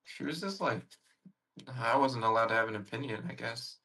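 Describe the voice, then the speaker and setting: A man's voice: medium pitch, moderate pace, pushed and bright, rough recording. A tired man in casual voice chat, talking hesitantly with fillers and trailing off. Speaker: voice chat participant.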